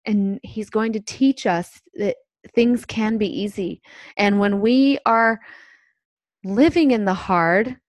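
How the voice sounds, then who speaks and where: A woman co-hosting a faith-based podcast, telling a story in a gentle, emotional way. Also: medium pitch, takes it slowly, no echo. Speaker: podcast co-host.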